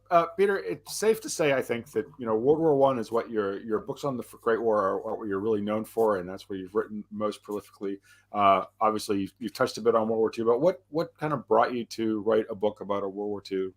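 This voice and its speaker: A man co-hosts a relaxed podcast in a somewhat low voice. He talks in an easygoing way and laughs often. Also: fairly quick. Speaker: podcast co-host. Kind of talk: casual podcast chat.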